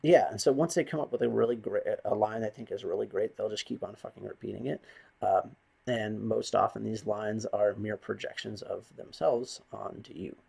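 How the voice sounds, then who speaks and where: A man's voice: lowish voice, moderate pace, vocal fry, mellow, breathy edge. A man vlogging a bitter, rambling, profane rant to the camera. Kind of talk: ranting monologue to camera.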